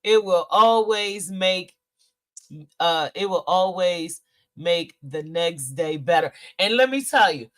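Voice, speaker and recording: A woman's voice: fairly low pitch, expressive, slow pace, a bit bright. A middle-aged woman hosting a podcast, chatting casually with viewers in a candid, emotional way, swearing freely and sounding teary. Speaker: podcast host. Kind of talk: casual livestream chat, reading viewer comments.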